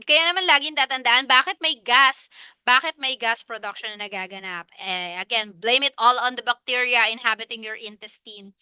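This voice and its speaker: A young Filipino-accented woman teaches a review class in a high, bright voice that rings clean and crisp. She keeps it lively, mixing Tagalog and English and asking questions as if she were a student. The sound is dry and close. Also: dry recording. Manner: lively Taglish teaching, poses questions as students then answers. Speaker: lecturer. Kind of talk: online review lecture.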